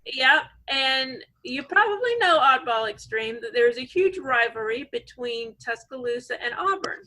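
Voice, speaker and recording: A woman from Georgia hosting a casual group chat on a video call, telling stories in a chatty, animated way. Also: high voice, unhurried, rough recording. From Savannah, Georgia, USA. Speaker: host.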